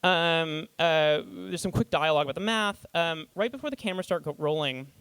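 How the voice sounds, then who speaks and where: High-voiced man telling a funny story. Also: fairly quick, clean tone, no echo. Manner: humorous, self-deprecating anecdote; animated, thinking aloud. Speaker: writer giving a stage talk. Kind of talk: storytelling talk to a live audience.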